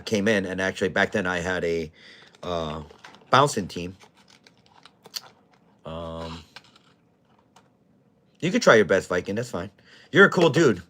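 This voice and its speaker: Man, low-pitched, bar manager, casual storytelling, swears constantly, blunt. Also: slow, pauses often. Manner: profane, blunt, animated storyteller. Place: bar in Scranton, Pennsylvania.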